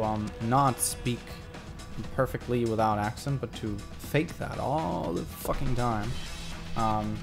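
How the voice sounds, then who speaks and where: A man live-streaming his video editing, talking casually and thinking aloud with many fillers. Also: mid-range voice.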